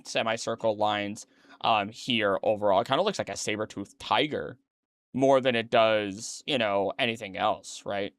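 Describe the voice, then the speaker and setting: A man's voice: mid-range voice, fairly bright tone, no room sound. A tired man streaming his reaction to a documentary, rambling, self-correcting and making chatty asides. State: tired, yawning late at night. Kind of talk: casual reaction commentary.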